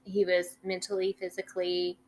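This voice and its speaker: A woman's voice: on the low side, completely flat delivery, moderate pace, a little mellow, a little hiss or hum. A young woman co-hosting a podcast, telling a story in casual chat, rambling with many fillers and freely swearing. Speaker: podcast co-host.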